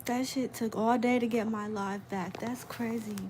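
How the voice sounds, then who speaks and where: A woman's voice: on the high side, steady tone, normal speed, a little mellow, a little hiss or hum. A nineteen-year-old woman livestreaming casually, ranting and swearing in frustration. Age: young adult. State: shivering from cold.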